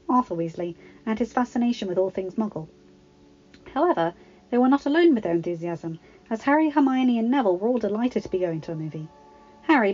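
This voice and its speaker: A woman reading a fan-written story aloud in a steady, plain storytelling manner. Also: mid-range voice. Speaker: fanfiction reader. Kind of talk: audiobook narration. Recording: slightly dull home recording.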